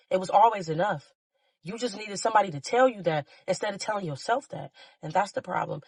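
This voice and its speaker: A woman's voice: medium pitch, fairly quick, slightly rough, no room sound. Woman host, solo motivational podcast, impassioned and blunt, salty language, dry close sound. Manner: passionate and blunt, swearing freely; emotional, preachy urging of listeners.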